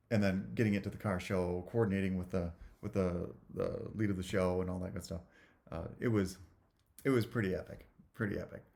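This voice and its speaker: Middle-aged male vlogger, low voice, excited storytelling to camera. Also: creaky. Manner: excited, animated retelling with fillers.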